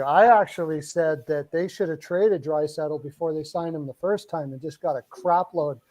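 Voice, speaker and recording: Slightly high-voiced rambling man. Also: darkish tone, rough recording. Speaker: show guest, hockey fan. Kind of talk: casual chat.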